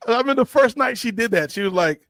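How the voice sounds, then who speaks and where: A man co-hosting a podcast, telling stories in an animated, slangy way. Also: extremely high pitch, quick pace, dry recording. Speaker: podcast co-host. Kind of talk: casual storytelling chat.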